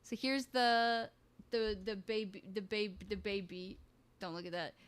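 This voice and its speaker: A woman's voice: medium pitch, a little slow, clear, resonant tone. A woman streaming live, chatting in a rambling, jokey way full of crude banter. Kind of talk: casual livestream chat.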